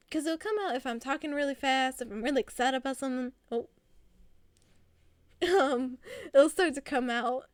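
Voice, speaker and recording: Southern girl streamer rambling on, high voice, slow and giggly, super dry close mic. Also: no room sound. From American South. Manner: giggly, rambling, frequent laughs. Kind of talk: casual chat.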